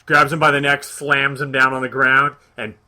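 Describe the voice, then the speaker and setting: Young male co-host, very bright tense voice, animated storyteller for a comedy chat. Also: medium pitch, normal speed. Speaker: podcast co-host.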